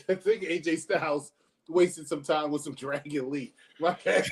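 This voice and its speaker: Brief: male co-host, sarcastic and teasing, slightly high pitch. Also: measured pace, husky. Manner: sarcastic and joking, laughing at his own lines. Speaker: podcast co-host reviewing wrestling. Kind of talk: casual review chat.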